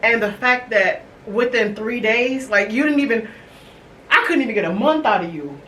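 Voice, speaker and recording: A woman in her thirties hosting a podcast, telling a personal family story in a candid, halting way with many fillers and restarts. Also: fairly high pitch, lively intonation, a bit bright, distant mic. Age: 30s. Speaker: podcast host. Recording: echoey room, voice from off-mic, faint hiss.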